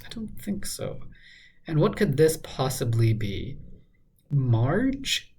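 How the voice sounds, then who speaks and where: A man's voice: mid-range voice, sing-song, slow pace, darkish tone, breathy edge. Man muttering through a crossword. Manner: muttering, hesitant, many fillers. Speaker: crossword solver. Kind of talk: thinking aloud while solving a puzzle.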